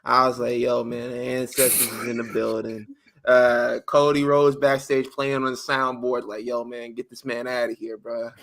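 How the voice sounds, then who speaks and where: A bright, forward-voiced man chatting on a podcast. He tells stories in animated bursts and slips into slangy acted-out quotes. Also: medium pitch, normal speed. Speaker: podcast co-host. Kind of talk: casual chat.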